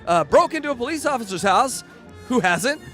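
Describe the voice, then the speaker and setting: Giggly, self-mocking male comedy host, high voice with a bright edge. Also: sing-song, a little fast, soft background music. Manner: laughing, self-mocking, crude jokes. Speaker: podcast host. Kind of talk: casual comedic chat.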